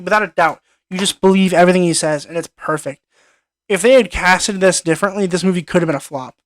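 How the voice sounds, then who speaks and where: A man's voice: sits high, no room sound. A young man giving an enthusiastic, rambling film review, often repeating his words. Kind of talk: casual film review monologue.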